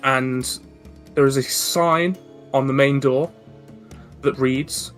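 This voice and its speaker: A man's voice: medium pitch, steady tone, takes it slowly, pauses often, soft background music. A man narrating as dungeon master in a tabletop game, casual and a little stumbling, often laughing.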